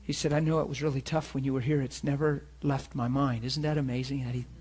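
Man, pastor, preaching sermon, husky, earnest storytelling, soft to emphatic swings. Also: medium pitch, level tone, fast.

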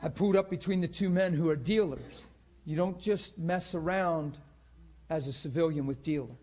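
A man's voice: fairly high pitch, normal speed, warm tone. Emotional storytelling male pastor. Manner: emotional, acts out both sides of a story. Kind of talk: sermon storytelling.

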